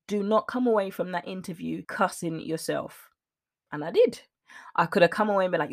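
A woman's voice: on the low side, expressive, brisk. Earnest woman coaching on weight loss. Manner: earnest, emphatic, at times emotional. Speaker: weight loss mindset coach, podcast host. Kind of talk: motivational solo talk.

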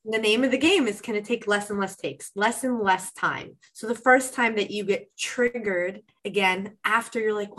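A woman talking as a guest on a podcast, warm coaching chat that acts out inner voices with lively shifts. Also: mid-range voice, moderate pace, few pauses, poor audio. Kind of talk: casual interview chat.

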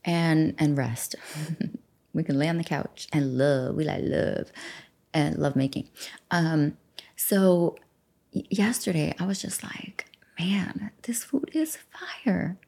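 This life coach and podcast host guides listeners through journaling in a casual studio talk, warm with affirmation, chatty, and dramatizing her own thoughts. Her low, darkish voice is slow and creaky, and she pauses often.

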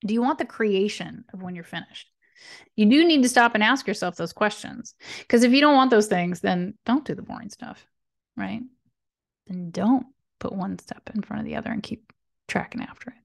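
Chatty woman with a gravelly edge. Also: medium pitch. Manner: chatty, tags lines with "right?" and "okay?"; laughs lightly and swears casually. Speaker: astrology podcast host. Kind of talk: casual solo podcast monologue.

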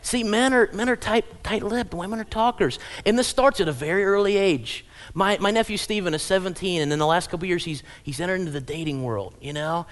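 A man's voice: high-pitched, fairly quick, hardly any pauses. A man pastor preaching a sermon in a church auditorium, telling humorous stories and acting out quotes. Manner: humorous storytelling, acts out quotes.

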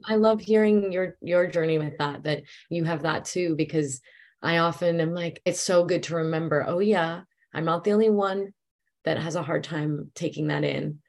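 A woman's voice: low voice, normal speed, gravelly, a little mellow. A woman speaking as a coach and podcast guest in a casual talk, reflective and searching, often repeating words as she gathers her thoughts. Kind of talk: casual conversational interview.

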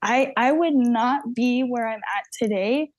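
A woman's voice: fairly high pitch, a little slow, no echo. A woman in her twenties, a podcast guest, talking candidly in a chatty way full of "like". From Southern California. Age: 20s. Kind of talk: casual conversation.

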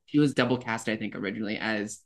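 A man's voice: on the low side, fast, creaky, over a noisy crowd. A man who dances ballet, explaining schedules in a matter-of-fact casual chat. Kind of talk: casual conversation.

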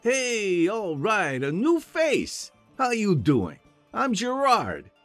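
A man's voice: high-pitched, wildly swooping pitch, slow pace, faint music behind, voice pushed up, full character voice. A man voicing a cheerful, chatty male halfling in an audiobook, talking in a bubbly, friendly way. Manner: bubbly, talkative.

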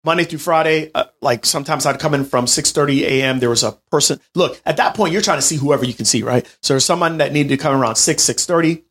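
A man in his late twenties telling a personal story in an animated, chatty way, talking straight to his listeners. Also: fairly high pitch, quick pace, few pauses. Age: 20s. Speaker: healthcare business owner. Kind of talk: storytelling monologue to an audience.

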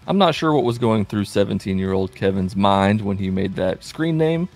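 A man in his late twenties telling stories in a wry, self-deprecating, animated way as a vlogger. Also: fairly low pitch, normal speed, hardly any pauses, soft background music. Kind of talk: casual self-mocking storytelling.

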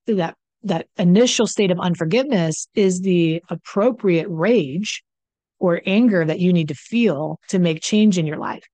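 A woman speaks as a coach on addiction and codependency, blunt and impassioned, slipping into quoted lines from arguments as she goes. Her voice sits fairly low. The sound is close and dry, with no room around it. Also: darkish tone, no room sound. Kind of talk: direct-to-camera advice talk.

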